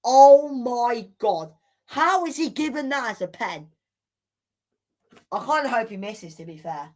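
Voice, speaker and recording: A woman hosting a live football watchalong, commenting in an excitable, exclamatory way with indignant rants. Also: on the high side, normal speed. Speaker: watchalong host.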